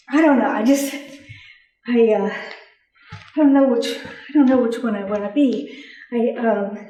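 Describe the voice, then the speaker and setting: A woman's voice: a little high, a little mellow. A woman performing a candid, profane comic monologue on a theatre stage. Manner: profane, candid, bursts into laughing outbursts. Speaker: solo performer. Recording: roomy stage sound from far off.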